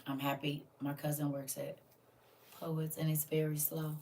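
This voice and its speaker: A woman's voice: low voice, level tone, normal speed, darkish tone, far from the mic, slight background noise. A woman, hosting a casual livestream and talking earnestly to her viewers as family. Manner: earnest, preachy, addresses listeners as family. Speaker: livestream host.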